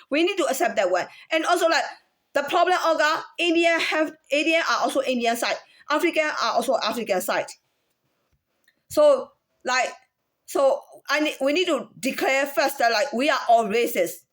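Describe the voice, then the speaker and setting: A woman talking in a casual monologue, halting with many restarts and fillers, sometimes demonstrating different speaking tones. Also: sits high, expressive, fairly bright tone.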